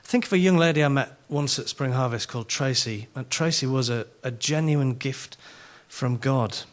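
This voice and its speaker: Animated Yorkshire man preaching with humor. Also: medium pitch, moderate pace. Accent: Yorkshire English. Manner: animated, self-mocking storyteller. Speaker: conference speaker. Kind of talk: sermon with humorous stories.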